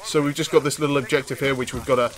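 A man giving chatty, excitable commentary over his own gameplay, often laughing and swearing. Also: mid-range voice, rapid-fire, background noise. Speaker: gaming video host.

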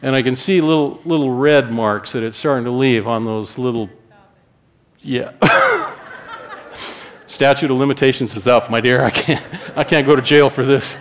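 A man's voice: medium pitch, sing-song, moderate pace, fairly bright tone. A middle-aged man preaching a sermon as pastor, telling a family story and acting out his own stern words to his child.

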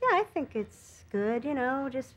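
A young woman from Long Island, a stand-up comedian on a TV studio stage, with a quick, punchy delivery. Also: high voice, very animated, dull audio. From Long Island, New York. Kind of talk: stand-up routine and talk-show chat. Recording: loud studio audience and noisy broadcast.

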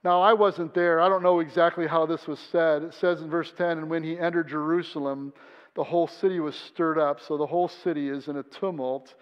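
Male pastor, high-pitched voice, earnest sermon delivery, dull sound with a long church reverb. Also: steady tone, fairly quick. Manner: earnest preaching, acts out quoted voices. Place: church sanctuary.

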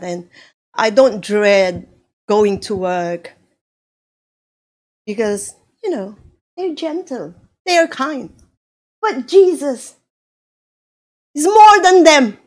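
Slow-preaching woman pastor. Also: mid-range voice. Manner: slow, animated preaching with acted-out quotes. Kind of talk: sermon.

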